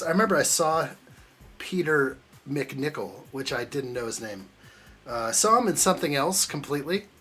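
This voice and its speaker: A man's voice: medium pitch, fairly bright tone. A man hosting a live building stream, chatting casually and jokingly with viewers as he reacts to the chat. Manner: jokey, chuckling, reacts to chat.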